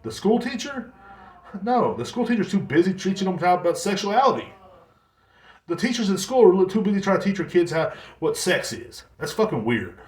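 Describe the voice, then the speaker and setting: A man's voice: high voice, sing-song, a little fast. A man hosting a podcast, delivering a heated, profane ranting monologue and mocking other people's voices. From United States. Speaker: podcast host. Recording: echoey room.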